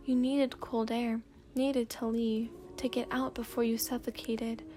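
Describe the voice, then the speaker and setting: A woman reading second-person fanfiction in a slow, hushed, sleepy storytelling voice, at times dropping to a whisper. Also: on the high side. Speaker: fanfiction reader.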